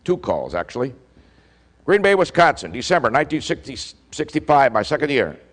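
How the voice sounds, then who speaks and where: An older man, a former football official, telling an animated story as a speaker, acting out the calls he shouted. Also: medium pitch, a little fast. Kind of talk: storytelling speech. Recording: long hall reverb.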